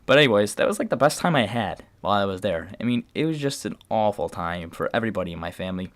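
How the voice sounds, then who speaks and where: A man's voice: on the low side, lively intonation, fast talker, dry recording. A teenage man from the New York area telling a long personal story to camera in a casual, rambling way, full of fillers and restarts. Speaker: vlogger.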